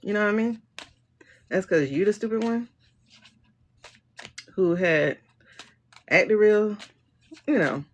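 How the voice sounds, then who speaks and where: A woman's voice: medium pitch, lively intonation, slow pace, pauses often. A woman doing a livestream tarot and pendulum reading, talking bluntly and joking with her viewers.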